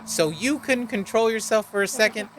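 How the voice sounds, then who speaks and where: A man's voice: sits high, moderate pace, fairly bright tone, pitched above the performer's own voice. A man voicing a bitter, self-pitying undead boy who hides as a monster. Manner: sulky, self-pitying, resentful.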